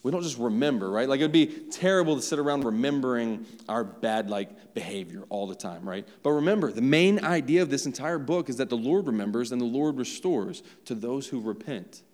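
Preaching in a conversational style to his congregation, this pastor talks a little fast with hardly any pauses, his mid-range voice slightly mellow. The church sanctuary leaves a long reverb on the sound.

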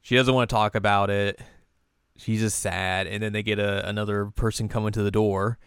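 Guy recapping an anime episode, smooth lowish voice, dry close sound, does squeaky character voices. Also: moderate pace, dry recording. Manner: animated, acts out characters' lines in high squeaky voices. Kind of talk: casual reaction chat.

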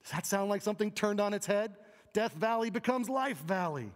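Pastor preaching easter, kinda high voice, talky and emphatic, long hall echo. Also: male voice, lively intonation, a little fast. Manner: conversational, emphatic, asks the crowd questions. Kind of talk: Easter sermon. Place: church sanctuary. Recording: long reverb of a large hall.

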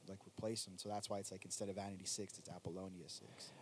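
Brief: man in casual chat, fairly low pitch, laid-back slangy delivery. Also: level tone, fast talker, slightly rough, no echo. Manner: laid-back, says "dude" and "like" a lot.

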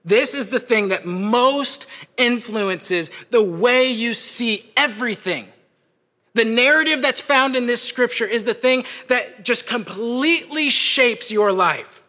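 A young man preaching a sermon to college students, conversational and animated, rising to shouts at the peaks. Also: extremely high pitch, slow. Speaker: campus preacher. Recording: long hall reverb.

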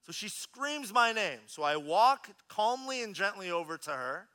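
A man in his thirties preaching a sermon as a pastor, telling a personal story in an animated, conversational way. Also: high-pitched, moderate pace.

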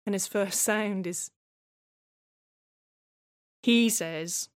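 A woman speaks her own scripted monologue in a wry, reflective, conversational manner. She takes her time over each line, in a mid-pitched voice. The sound is close and dry. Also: a little slow, pauses often, no echo. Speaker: writer-performer of a monologue. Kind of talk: scripted first-person monologue.

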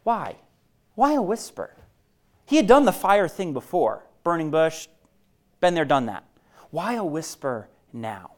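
A man preaching a sermon as pastor. He speaks conversationally to his listeners and swings from loud emphasis to a hushed near-whisper. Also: a little high, very animated, measured pace, long pauses.

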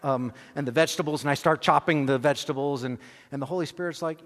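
A man preaching, telling a personal story with animated, self-deprecating humor and acting out scenes. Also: fairly high pitch, fast talker, long reverb tail. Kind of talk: sermon storytelling.

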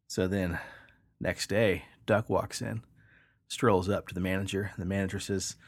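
A man co-hosting a casual podcast, an animated storyteller who laughs easily. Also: deep voice, moderate pace. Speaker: podcast co-host. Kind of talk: casual chat, joke telling.

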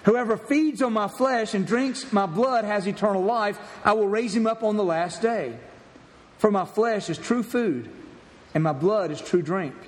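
High-voiced preacher in a reverberant hall. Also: male voice, measured pace. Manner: emphatic, repeats phrases for emphasis. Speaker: pastor. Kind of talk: sermon.

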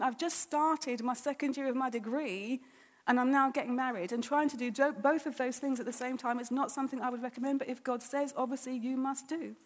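High-voiced woman telling her testimony. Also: long reverb tail. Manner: conversational, re-enacts her own past thoughts and speech. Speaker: church speaker giving a testimony. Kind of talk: personal testimony told as a story.

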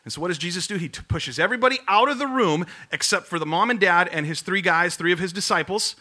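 A man's voice: sits high, quick pace, pushed and bright. A man giving a sermon as a pastor, telling the story casually and acting out the voices in quotes.

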